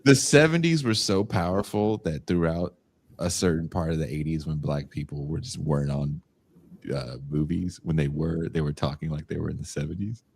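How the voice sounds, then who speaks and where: A man's voice: a bass voice, moderate pace, vocal fry, a little mellow, breathy edge. A man co-hosting a podcast in casual chat, joking and teasing. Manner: jokey, slips into mocking put-on voices. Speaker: podcast co-host.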